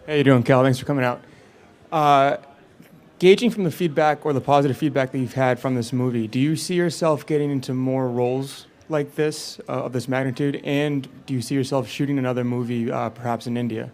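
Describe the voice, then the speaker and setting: A man's voice: medium pitch, fairly even intonation, a little fast, a little mellow. Friendly man asking from the audience. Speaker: audience member asking a question. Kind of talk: casual question.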